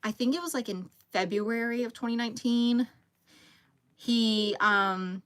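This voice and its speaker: A young woman chats away on her crafting livestream, and her voice sits a little on the high side. She rambles easily from one story to the next, answers viewers by name and coaxes her dog along between stories. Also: measured pace, a bit bright. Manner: chatty and rambling, reads out viewer comments, talks to her dog in a high coaxing voice. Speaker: livestream host. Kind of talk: casual chat while crocheting.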